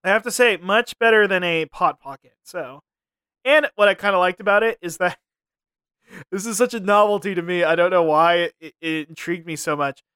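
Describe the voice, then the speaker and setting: A man co-hosting a podcast in casual banter, joking, laughing often and throwing in quick asides. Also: sits high, pushed and bright, smooth, no room sound, studio quality. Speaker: podcast co-host.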